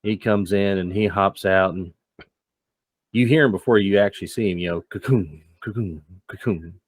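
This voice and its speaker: A man's voice: deep voice, fairly even intonation, moderate pace, no room sound. A man narrating a tabletop game as game master in a casual, rambling way. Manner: casual, rambling, many fillers.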